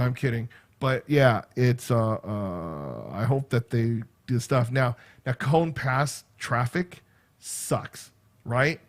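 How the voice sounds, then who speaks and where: A man hosting a casual livestream from a room in his home, rambling and chatty, tagging "right?" onto his sentences. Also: mid-range voice. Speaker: livestream host. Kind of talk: casual live chat.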